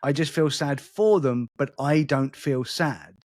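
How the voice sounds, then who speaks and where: Here a podcast co-host talks in a relaxed, meandering way, frequently restarting his sentences and repeating words; his accent blends London with more refined English. The voice is mid-range, slightly slow and somewhat dark, captured dry with studio quality.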